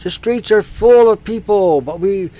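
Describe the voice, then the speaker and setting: A man's voice: sits high, measured pace, warm tone, voice pushed up. A man voicing a sneering male fearmonger who taunts in a mocking singsong. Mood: taunting.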